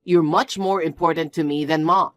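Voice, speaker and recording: A woman's voice: deep voice, fairly even intonation, normal speed, soft background music, lightly acted. A woman voicing a defensive, bossy young man who talks in a curt, scolding way. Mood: gentle.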